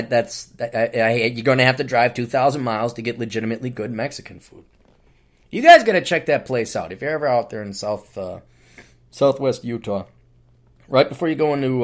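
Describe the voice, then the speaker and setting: A middle-aged man hosting a podcast, ranting solo in a blunt, profane, sarcastic way. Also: mid-range voice. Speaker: podcast host.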